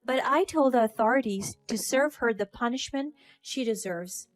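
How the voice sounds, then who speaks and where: Woman narrating a story over soft music. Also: on the high side, moderate pace. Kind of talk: scripted first-person story narration.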